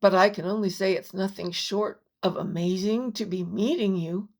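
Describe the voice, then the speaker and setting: A woman's voice: medium pitch, moderate pace, natural voice. A woman voicing a stunned, stammering young man in a storybook reading. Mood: amazed.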